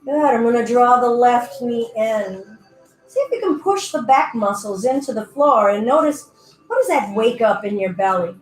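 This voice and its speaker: This woman's voice sits on the high side, animated and moderately paced, as she runs a guided virtual yoga class from an indoor room. She's playful and chatty, lending her breath and body little voices, while faint music echoes around her.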